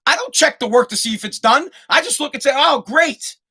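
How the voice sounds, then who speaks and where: A middle-aged American man hosting a podcast, telling comedic stories in an animated, heavily profane way. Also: very high voice, fast talker. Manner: animated and profane, swears constantly. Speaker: podcast host.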